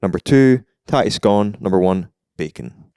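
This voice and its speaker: Male co-host, dry and understated, lowish voice, close dry sound. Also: expressive, moderate pace, warm tone, clear, resonant tone, no echo. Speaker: podcast co-host. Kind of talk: casual podcast banter.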